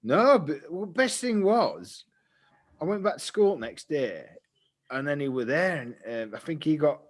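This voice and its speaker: A man's voice: on the high side, big pitch swings, unhurried. A young man, casually telling a long story on a podcast, rambling and swearing freely. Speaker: podcast co-host.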